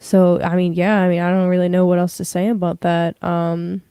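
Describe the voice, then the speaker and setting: A woman's voice: on the low side, level tone, moderate pace, warm tone, clean tone, no room sound. A young woman giving a casual livestream tarot reading, rambling with many fillers. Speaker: tarot reader.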